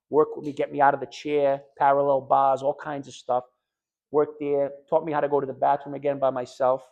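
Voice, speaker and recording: A middle-aged man telling a group about his recovery after a lung transplant, animated, jumping between loud joking and quiet earnest talk, often repeating words. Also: mid-range voice, vocal fry, lo-fi sound. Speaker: lung transplant patient speaking to patients. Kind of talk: personal story told to a group.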